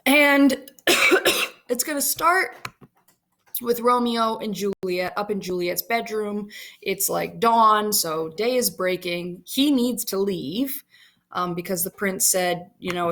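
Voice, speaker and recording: A woman's voice: medium pitch, slow, a bit bright. A woman teacher casually explaining a play scene by scene to students.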